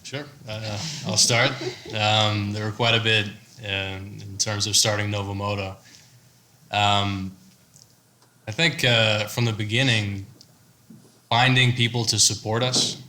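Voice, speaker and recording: Low, flat-toned American man. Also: a little hiss or hum. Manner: measured, explanatory, steady delivery. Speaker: startup founder on a panel. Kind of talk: panel discussion answer.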